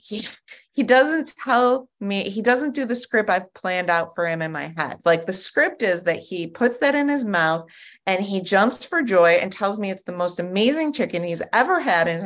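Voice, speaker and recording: A woman giving a personal testimony at a recovery group meeting over a video call, telling her story in an animated way with frequent restarts. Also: mid-range voice.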